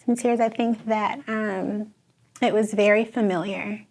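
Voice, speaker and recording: A woman with a Chicago accent, a guest telling an emotional personal story, expressive and tearful at times. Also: medium pitch, unhurried. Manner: expressive storyteller, laughs and tears up.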